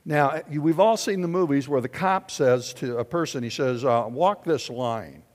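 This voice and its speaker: Older man, pastor, sermon, slightly high voice, animated, long hall reverb. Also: normal speed. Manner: animated preaching with questions to the congregation.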